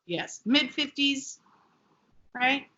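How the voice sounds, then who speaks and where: A woman's voice: sits high, animated, very slow, pushed and bright, muffled recording. A woman co-hosting a podcast, chatting casually and animatedly about a sitcom episode, with profane asides. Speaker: podcast co-host. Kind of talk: casual recap chat.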